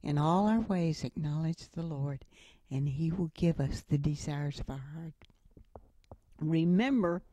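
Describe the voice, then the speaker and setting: A middle-aged woman giving a motivational talk with stories, speaking slowly and deliberately. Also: low-pitched, warm tone, no echo. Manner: slow and deliberate, with acted quotes. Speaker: inspirational speaker.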